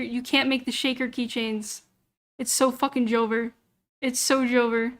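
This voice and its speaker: High-voiced young woman muttering as she browses. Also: little pitch movement, measured pace, fairly bright tone. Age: young adult. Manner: muttering to herself while browsing, swears freely. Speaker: VTuber streamer. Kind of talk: casual livestream chat.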